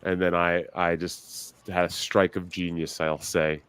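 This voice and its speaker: Wisecracking low-voiced podcast co-host, man. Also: flat delivery, unhurried, fairly bright tone, clean tone. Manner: crude, wisecracking. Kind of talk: casual chat.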